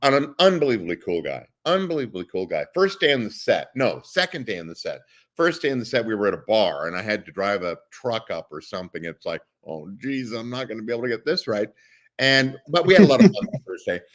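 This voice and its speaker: A middle-aged man, a voice actor guest, chatting casually and animatedly in an interview, sometimes dropping into growls to demonstrate. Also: quick pace. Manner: animated storyteller, drops into deep growls to demonstrate.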